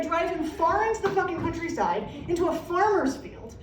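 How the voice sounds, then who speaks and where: A woman's voice: extremely high pitch, lively intonation, normal speed, few pauses. An American woman doing stand-up comedy, telling profane stories and acting out voices, recorded live in a comedy club. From United States. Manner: brash, profane storytelling with acted-out voices. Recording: echoey room, distant mic, faint noise.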